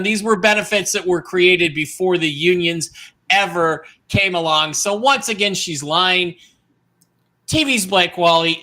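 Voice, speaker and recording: A man's voice: a little high, pushed and bright. A man hosting a casual political talk show, blunt and profane, mocking and sarcastic. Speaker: host.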